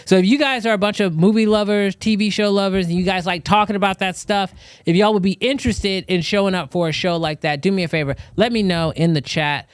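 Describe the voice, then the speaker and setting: Male live-show host, high voice, dry close sound, chatty, talks to the audience. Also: steady tone, brisk, clear, resonant tone, dry recording. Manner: loose, chatty, talks straight to viewers. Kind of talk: casual live-stream chat.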